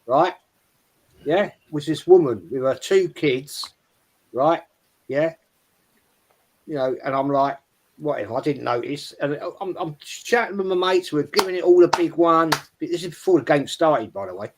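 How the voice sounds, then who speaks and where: Give me a man in his sixties with a slightly high voice, telling a rambling football story full of swearing and "right?". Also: lively intonation, a little slow. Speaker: podcast panelist, Arsenal fan. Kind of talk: casual football chat, storytelling.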